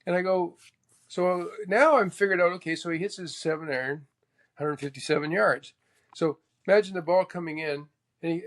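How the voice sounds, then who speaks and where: A man from Canada, a former tour golfer, telling stories as a guest in a lively, casual way, acting out quotes with sudden exclamations. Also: high-pitched, moderate pace. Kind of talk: casual storytelling.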